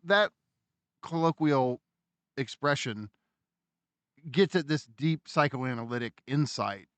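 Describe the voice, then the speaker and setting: A man co-hosting a podcast in casual conversation, swearing freely, who theorizes and acts out quoted lines in loud bursts. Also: mid-range voice, takes it slowly, clear, resonant tone, dry recording. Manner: animated storyteller, acts out quoted lines in shouts; profane, theorizing. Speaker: podcast co-host.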